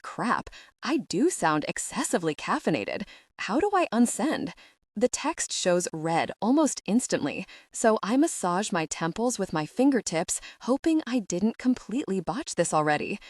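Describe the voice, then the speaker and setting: Expressive woman narrating an audiobook. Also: medium pitch, normal speed, no room sound, clean studio sound. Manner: wry, expressive. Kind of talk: first-person romance audiobook narration.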